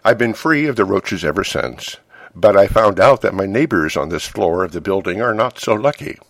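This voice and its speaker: Deep-voiced man reading a memoir. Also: lively intonation, normal speed, vocal fry, dry recording. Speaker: memoir narrator. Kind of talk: first-person memoir narration.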